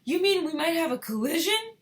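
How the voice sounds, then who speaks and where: A woman voicing an alarmed, blustery father who exclaims loudly. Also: on the high side, wildly swooping pitch, slow, voice pushed up, exaggerated voice. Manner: loud and exclaiming.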